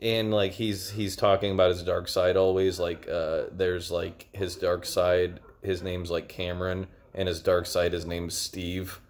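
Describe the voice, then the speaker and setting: A man's voice: deep voice, level tone, measured pace, hardly any pauses. A young man giving a casual, rambling video review with lots of fillers. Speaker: show reviewer.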